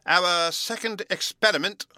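A man reading a storybook aloud, voicing a fussy, absent-minded old male professor who lectures in a slow, pompous way. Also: high-pitched, pushed and bright, no room sound, clean studio sound, voice pushed up, heavily acted. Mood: pompous lecturing.

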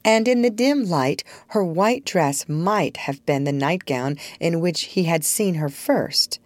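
A woman narrating a storybook aloud in an expressive, gently wistful way. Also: fairly low pitch, takes it slowly, no echo. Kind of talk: storybook reading.

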